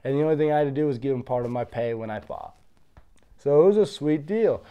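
This man, a Pennsylvania-born pro fighter, speaks quickly in a mid-range voice with a clean tone, though the high frequencies are cut off. His talk is casual storytelling about his career, lively and full of impressions of what others told him.

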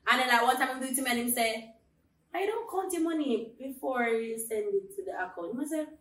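A young woman co-hosting a podcast in casual chat, lively and laughing, quoting her family. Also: high voice, a little fast, distant mic. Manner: lively, laughs often, quotes family members. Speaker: podcast co-host. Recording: roomy echo, away from the mic, faint background noise.

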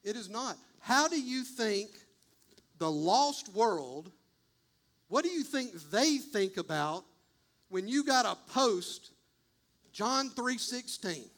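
Male pastor, high-pitched and impassioned, emphatic sermon delivery. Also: big pitch swings, fairly bright tone. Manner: impassioned, emphatic, swings between fast bursts and slow stresses. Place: church, streamed online.

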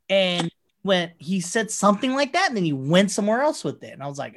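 A man's voice: high voice, sing-song, fast talker. A man in casual podcast chat, rambling through stories and acting out the people he quotes, swearing freely.

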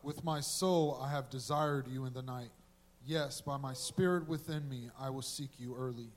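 A man reading a scripture passage aloud at a steady, measured pace. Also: medium pitch. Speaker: scripture reader.

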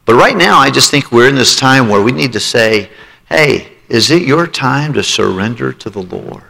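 A man's voice: medium pitch, moderate pace, gravelly, bright, forceful tone. A man preaching a sermon, telling his own testimony and pleading with listeners to respond. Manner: emotional testimony, rising to pleading altar call. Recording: long hall reverb.

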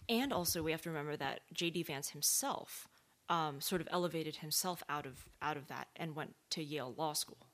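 A woman's voice: low voice, fairly quick. A woman in casual conversation, thinking aloud with many fillers and rhetorical questions. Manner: thoughtful, animated, lots of fillers and rhetorical questions.

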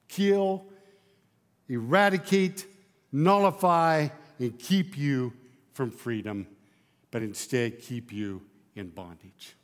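A man's voice: on the high side, big-room sound. A male pastor preaching a sermon, emphatic, driving his points home with repeated rhetorical questions.

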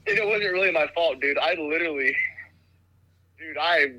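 A man's voice: fairly high pitch, normal speed, pushed and bright, no room sound, rough recording. A young man telling a rambling story in casual chat, laid-back, calling everyone "dude". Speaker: guest telling stories.

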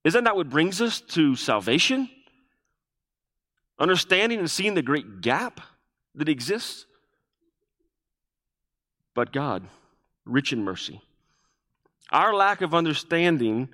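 Pastor, male, sermon delivery, lively intonation, repeats key lines, reverberant sanctuary. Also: fairly high pitch, slow, long pauses. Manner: preaching with rhetorical questions, repeating key phrases. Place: church sanctuary. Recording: long reverb of a church hall.

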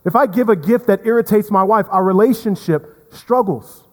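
A man preaching a sermon as pastor, earnest, repeating words and swinging from emphatic to hushed. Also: sits high, moderate pace. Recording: long reverb of a hall.

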